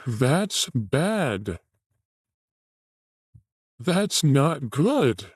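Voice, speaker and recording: A man's voice: mid-range voice, sing-song, extremely slow, husky, no echo, clean studio sound. A man hosting a show, commenting on a video clip in a mocking, crude rant. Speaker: host reacting to a video clip.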